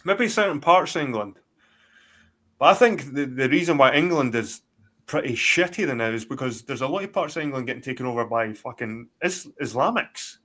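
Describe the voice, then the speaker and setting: A man's voice: mid-range voice, lively intonation, fairly quick, bright, forceful tone. A man with a Scottish accent, talking bluntly in a rambling, heavily sworn live-stream chat. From Scotland. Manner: blunt, heavy swearing, rambling. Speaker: guest.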